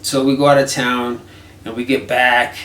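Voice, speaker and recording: A man casually telling a story, animated and swearing often while acting out conversations. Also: mid-range voice, moderate pace, reverberant.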